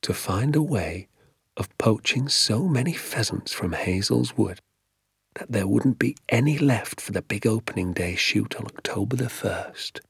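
A man voicing an excitable, scheming father in an audiobook, talking in a hushed, conspiratorial way. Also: on the low side, measured pace, gravelly, slightly rough, no room sound, clean studio sound, full character voice. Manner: conspiratorial, hushed then fervent. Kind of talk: audiobook character voice.

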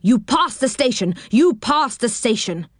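A woman's voice: fairly high pitch, lively intonation, unhurried, dry recording, studio quality, pitched above the performer's own voice. A woman voicing a cross, scolding railway guard in a storybook reading.

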